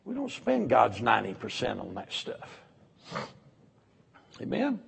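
A middle-aged man preaching a sermon in a folksy storytelling way, swinging from loud exhortation to hushed confession. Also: mid-range voice, huge pitch swings, unhurried, creaky, slight background noise.

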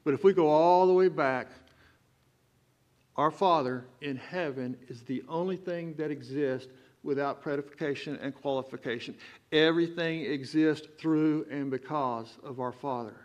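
A man from Texas preaches in a drawling Texan accent, his voice sitting a little high for a man. He builds from steady teaching into emphatic, rising bursts of exhortation, the sound of a church sermon. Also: measured pace, muffled recording. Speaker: pastor. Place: church sanctuary.

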